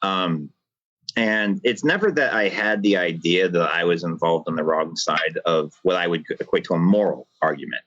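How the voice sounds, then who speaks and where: Low husky guy rambling earnestly about his work, dull lo-fi zoom audio. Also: normal speed, a bit bright, dry recording. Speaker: cigar factory owner, podcast guest. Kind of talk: earnest reflective monologue. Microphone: video call. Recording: dull lo-fi video call audio.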